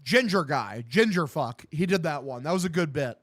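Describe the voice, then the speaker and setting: A young man hosts a baseball watch-along stream, calling each pitch in a loose, casual way. He drops crude jokes and banter with his chat between plays. His voice sits slightly high, and it is recorded close and dry. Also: lively intonation, moderate pace, fairly bright tone, dry recording. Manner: crude, joking banter while reading chat. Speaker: streamer host.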